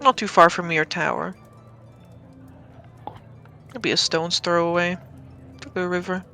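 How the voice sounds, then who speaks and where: A woman's voice: fairly low pitch, unhurried, sharp tone, faint music behind, rough recording. A woman acting as dungeon master, narrating a tabletop game in a playful, chatty way. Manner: playful and chatty, often laughing.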